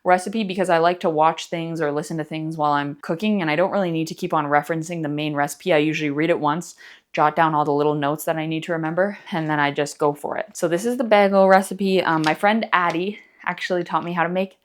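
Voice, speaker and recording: Woman home-cooking vlogger, jokey and rambling, slightly low voice. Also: fairly even intonation, fast talker. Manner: goofy, rambling, joking. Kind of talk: casual cooking vlog. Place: home kitchen.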